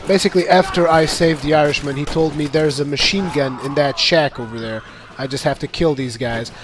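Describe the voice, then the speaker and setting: A man giving casual commentary over his own gameplay footage, chatty and quick to laugh as he acts out his own reactions. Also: a little high, noisy background.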